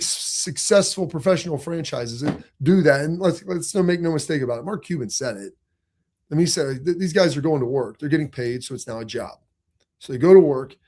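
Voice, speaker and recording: A man in his forties hosting a sports talk show with an emphatic, energetic delivery. His voice sits a little high for a man, and he keeps a loose, conversational flow. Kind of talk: casual sports talk commentary.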